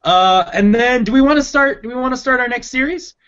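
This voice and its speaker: A man's voice: extremely high pitch, a little fast, a bit bright, clean tone, lo-fi sound. A man co-hosting a movie podcast in casual chat, laid-back and swearing freely. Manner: laid-back, swears, says dude a lot. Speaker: podcast co-host.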